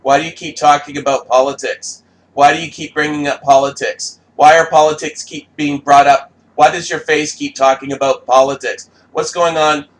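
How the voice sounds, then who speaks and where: A whiny, nagging critic firing the same complaint again and again, as a man mockingly puts him on. The voice sits higher and louder than the man's own, in a sneering, repetitive sing-song. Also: steady tone, a little fast, natural voice, poor audio. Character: nagging, exasperated male critic of his videos.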